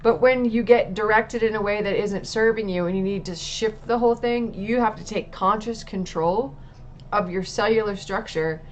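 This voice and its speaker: A woman's voice: medium pitch, highs cut off, slight background noise. Candid, emotional woman's testimony. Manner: emotional, candid, swears casually. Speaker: mother sharing a testimony. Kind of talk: personal testimony vlog. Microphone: talking to camera.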